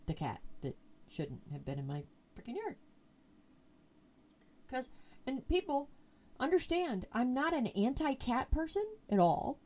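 Woman host, mellow voice, swears freely, spins a casual yarn. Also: medium pitch. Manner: profane, animated storyteller. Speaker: podcast host. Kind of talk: casual storytelling chat.

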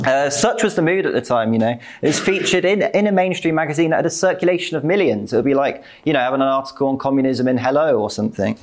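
A man delivering a political talk at a middling pitch. He speaks conversationally, with plenty of fillers and restarts and the odd light laugh. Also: animated, fast, few pauses.

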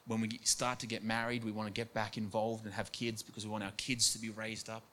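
A man's voice: on the low side, flat delivery, fast, bright, forceful tone, a little hiss or hum. A man preaching a sermon in an earnest way, acting out quoted voices and repeating words for emphasis. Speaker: pastor.

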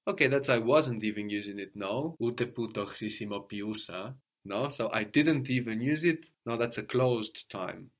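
Patient male language teacher, low voice. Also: normal speed, hardly any pauses. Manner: patient, prompting with questions, frequent tag "no?". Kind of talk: guided language lesson.

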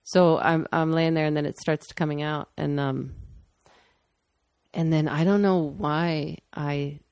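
Woman w a low gravelly voice talking real candid and matter-of-fact, dry sound. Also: steady tone, takes it slowly, darkish tone, dry recording. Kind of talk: personal storytelling in casual chat.

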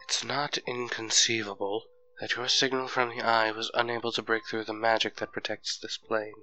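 A man's voice: fairly low pitch, level tone, moderate pace, sharp tone, faint music behind, poor audio. An actor playing an ancient male planeswalker mentor, detached, bored and talking down to his former pupil in an audio drama.

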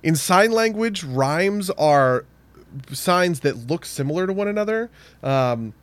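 A man with a fairly high voice chats casually on a podcast. He rambles through his points with plenty of fillers and keeps checking in with "right?". The sound is dry and close. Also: lively intonation, slow, fairly bright tone, no echo. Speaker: podcast co-host. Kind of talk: casual chat.

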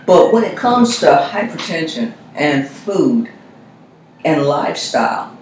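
A man, a reverend, talking through faith and health in a measured, reflective way. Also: fairly high pitch. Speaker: reverend, guest. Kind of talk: conversational discussion. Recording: very echoey room, faint noise.

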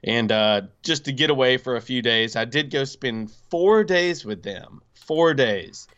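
A man casually telling a personal story on a podcast, animated, with many fillers and acted-out quotes. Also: medium pitch, measured pace, clean tone, highs cut off. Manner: animated, acts out quoted voices, frequent fillers.

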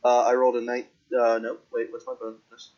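Male tabletop player, mid pitch, states his character's actions matter-of-factly; lo-fi recording. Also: monotone, a little fast, a little mellow. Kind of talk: casual chat at a game table.

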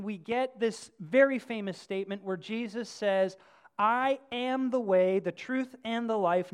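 A preacher who talks with the congregation in a relaxed, joking way, at an ordinary mid pitch. Key phrases get a lift and extra stress, and asides drop low. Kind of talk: conversational sermon.

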